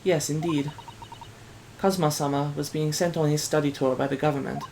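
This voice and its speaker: A man voicing a polite, composed young woman assistant in a video game, speaking quietly and formally. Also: on the high side, steady tone, a little fast, creaky, a little hiss or hum.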